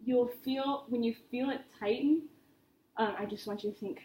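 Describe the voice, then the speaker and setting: A woman's voice: a little high, normal speed, muffled recording. A woman voice teacher giving a private singing lesson, chatty and encouraging as she explains with vivid images. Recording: roomy studio with faint noise.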